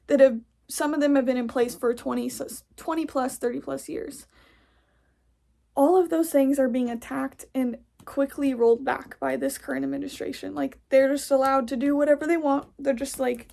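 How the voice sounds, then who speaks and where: Angry high-voiced young woman ranting. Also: steady tone, normal speed, gravelly, warm tone. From United States. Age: young adult. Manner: angry, profane, blunt. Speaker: podcast host. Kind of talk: casual ranting monologue.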